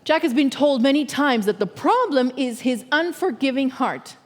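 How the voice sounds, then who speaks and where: Woman, sermon, earnest and measured, fairly high voice, long church-hall reverb. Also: lively intonation. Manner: earnest, measured, often checks in with listeners. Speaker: guest speaker. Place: church sanctuary.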